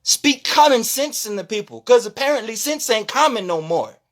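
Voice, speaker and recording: A spirituality content creator's live-stream rant is loud, preachy and full of profanity, delivered at normal speed with big swings in pitch. His impassioned shouting gives way at times to low asides.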